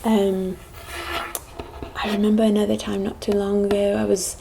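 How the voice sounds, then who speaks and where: A woman from the United States speaking in a put-on British accent, telling a personal story in a soft, whispered ASMR delivery with many hesitant pauses. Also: medium pitch, flat delivery, creaky, noisy background. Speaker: ASMR channel host.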